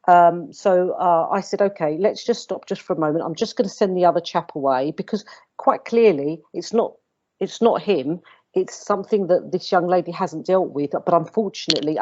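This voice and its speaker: A woman's voice: fairly low pitch, darkish tone, dry recording, muffled recording. A woman, a mediator on a video panel, telling a case story earnestly with many hesitant restarts.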